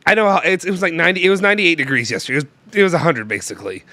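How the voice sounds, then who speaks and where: A man's voice: fairly high pitch, racing, bright, forceful tone, no room sound. A young man hosting a casual live-streamed chat, loose and joking, rambling with restarts into a close mic. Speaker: show host.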